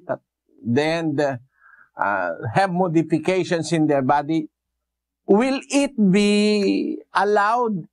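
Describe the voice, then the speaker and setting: A male preacher expounds scripture at an unhurried pace, his voice sitting noticeably high. He pauses on fillers and tosses rhetorical questions at his listeners. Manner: slow, deliberate, with hesitant fillers and rhetorical questions. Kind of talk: bible exposition sermon.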